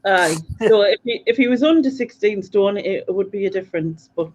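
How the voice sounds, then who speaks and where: A woman's voice: medium pitch, animated, normal speed, darkish tone, a little hiss or hum. A woman, a guest in a casual chat who rambles and hesitates. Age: 40s. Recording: dull, muffled call audio.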